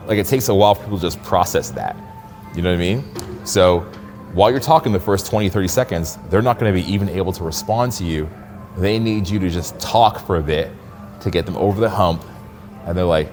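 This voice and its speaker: A man's voice: on the low side, animated, brisk, darkish tone, faint music behind. A man coaching in person, talking casually and with swearing, often acting out sample lines of dialogue. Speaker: social skills coach. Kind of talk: live in-person coaching demonstration.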